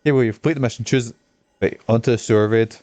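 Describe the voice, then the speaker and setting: A man's voice: mid-range voice, fast, a little mellow, no room sound. A man with a Scottish accent chatting through a video game, rambling, swearing and mocking himself. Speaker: streamer. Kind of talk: casual gameplay commentary.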